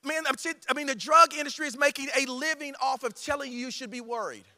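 A male pastor preaching a sermon, animated and joking, swinging between loud calls and hushed appeals. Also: very high-pitched, quick pace. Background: band music.

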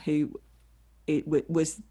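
Podcast guest, woman from England, lower voice, rambling self-deprecating anecdotes. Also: monotone, slow, warm tone. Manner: rambling, self-deprecating storyteller with acted-out quotes. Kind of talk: casual anecdotal chat.

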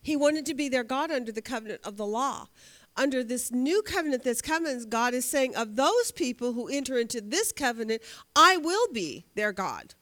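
A woman's voice: high voice, expressive, brisk. Woman teaching a Bible class. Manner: asks the class questions and answers them herself; emphatic, repeats words as she thinks aloud.

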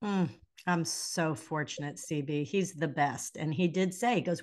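Middle-aged lady coach chatting, lowish voice, acts out the quotes in her stories. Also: a little slow. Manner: animated, acts out quoted dialogue. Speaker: podcast guest, leadership coach. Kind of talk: candid conversational storytelling.

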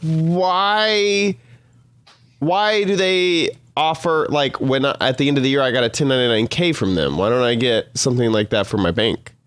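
A man with a middle-pitched voice talks casually, asking wondering questions and breaking off to restart his thoughts. The recording is dry and close. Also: moderate pace, a bit bright, dry recording. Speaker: podcast panelist. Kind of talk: casual chat.

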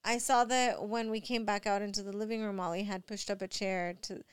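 A young woman and mother telling a rambling, animated story full of fillers, sounding drowsy. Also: mid-range voice, a little fast, smooth, no room sound. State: drowsy from allergy medicine. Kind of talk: casual storytelling vlog.

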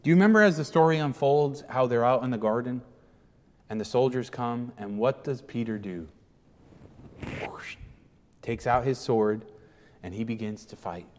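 A man preaching a sermon as pastor, animated and acting out the speakers in the scripture passage. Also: medium pitch, moderate pace, long reverb tail, a little hiss or hum.

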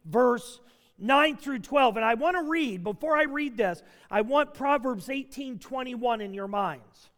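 A male pastor preaching a sermon in an earnest way, now and then rising to shouts for emphasis. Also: extremely high pitch, long reverb tail.

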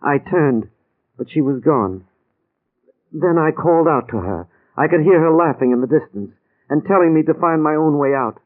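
A man's voice: on the high side, expressive, moderate pace, natural voice. A man playing a shaken, apologetic husband. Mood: anxious. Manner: nervous, apologetic. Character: shaken middle-aged husband in hospital. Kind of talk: 1940s radio acting. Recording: tinny old radio recording.

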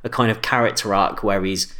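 A man's voice: on the low side, fairly even intonation, fairly quick, sharp tone. A man co-hosting a casual podcast chat, rambling and repeating himself as he talks. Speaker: podcast co-host.

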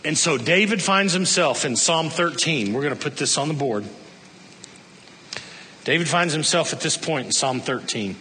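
Male pastor, high bright voice, animated sermon delivery, loud-to-hushed swings, echoing hall. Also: moderate pace, a little hiss or hum.

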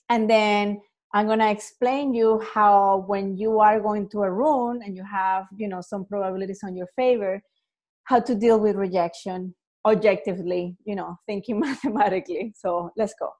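A woman educator talks casually to the camera in a chatty, loose way. Her voice sits at a middling pitch, with lots of fillers and laughs breaking up her explanations. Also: fairly even intonation, normal speed, a little mellow.

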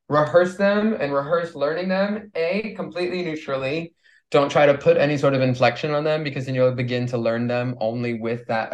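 Earnest male guest on a chat podcast. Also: fairly high pitch. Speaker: podcast guest, drag performer. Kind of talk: casual chat.

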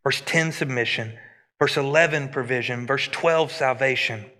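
A man preaching a sermon as pastor, animated and rising and dropping his voice for emphasis. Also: medium pitch, moderate pace. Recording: long hall reverb.

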